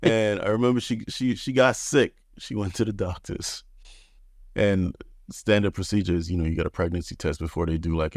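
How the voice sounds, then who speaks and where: A man's voice: sits low, creaky, darkish tone, no room sound, clean studio sound. A man in his thirties, a podcast guest telling his story in a laid-back, frank way, swearing freely. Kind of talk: casual storytelling.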